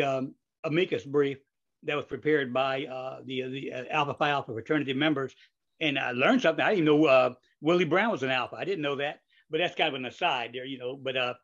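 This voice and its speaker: A man's voice: mid-range voice, fairly bright tone. An older man hosting a podcast interview in casual chat, rambling with many fillers, restarts and asides. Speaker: podcast host. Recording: dull lo-fi audio.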